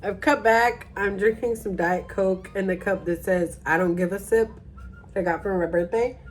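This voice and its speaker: A woman's voice: mid-range voice, steady tone, normal speed, slight background noise. A tipsy woman rambling through a casual vlog, mocking herself, trailing off and restarting her sentences. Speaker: vlogger.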